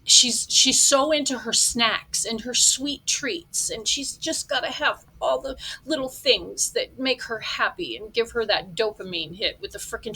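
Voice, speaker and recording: A middle-aged woman delivers reaction commentary in a bright, cutting voice set a little high. Her tone stays blunt and sarcastic as she mocks what she watches. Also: slightly rough. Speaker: reaction vlogger.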